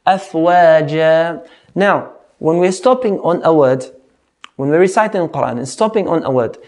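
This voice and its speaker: A man teaching a tajweed lesson, patiently explaining rules and slowly demonstrating how each word of recitation should sound. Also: high-pitched, a little mellow. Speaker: Quran teacher.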